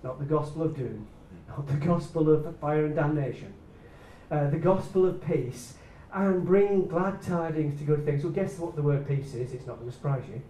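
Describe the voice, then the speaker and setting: A man preaching a sermon, swinging between loud excited bursts and quiet hushed lines. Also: on the high side, moderate pace, far from the mic, slight background noise. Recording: echoey room, speaker away from the mic.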